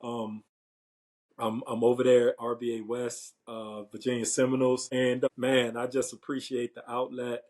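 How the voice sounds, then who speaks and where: Guy who runs a youth baseball group, pretty flat even voice, short thankful answers. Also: mid-range voice, moderate pace. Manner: brief agreeing backchannels, grateful. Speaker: guest, youth baseball organizer. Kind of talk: casual interview chat.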